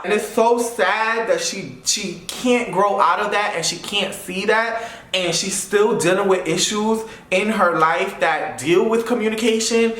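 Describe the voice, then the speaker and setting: Bright-voiced young man telling a story. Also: sits high, measured pace, reverberant. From Brooklyn, New York. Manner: animated, mimics voices, says blah blah. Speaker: YouTuber. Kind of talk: storytime while getting ready.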